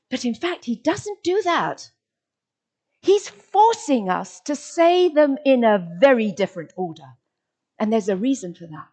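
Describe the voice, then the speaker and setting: A woman's voice: on the high side, unhurried. A woman giving a lecture, stressing the rhythm of words and asking her listeners rhetorical questions. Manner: expressive, sounding out rhythm of words. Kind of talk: lecture with dramatic read-aloud passages.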